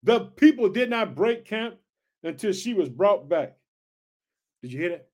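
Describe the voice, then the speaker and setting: A man's voice: sits high, sing-song, measured pace, darkish tone. A man teaching a Bible passage with fervent energy, often asking his listeners if they heard and calling them family. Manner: fervent, keeps asking "did you hear?" and "check it out".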